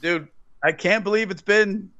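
A man co-hosting a horror podcast in crude, joking banter, often laughing and cursing, and swinging loud and high when riled. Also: measured pace, no room sound. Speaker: podcast co-host. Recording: dull dry lo-fi sound.

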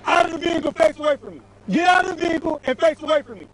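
A male police officer shouting stern, repeated commands at a driver during an arrest, recorded outdoors on a body camera. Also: extremely high pitch, animated, racing, low-quality recording. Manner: forceful, repetitive, stern. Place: outdoors on a street by a stopped car. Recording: body camera audio with background noise.

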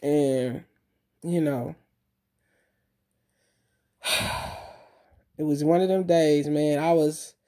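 A woman's voice: low-pitched, steady tone, mellow. A woman vlogger talking casually to her camera in loose street slang, swearing often and repeating phrases for emphasis. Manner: repeats herself and pauses with fillers. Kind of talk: casual video monologue.

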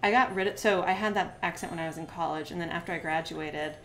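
A woman chatting quickly with lots of filler words while she works on a craft during a live stream, now and then counting softly under her breath as she stands at her desk at home. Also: lowish voice, soft background music. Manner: fast-talking with many filler words.

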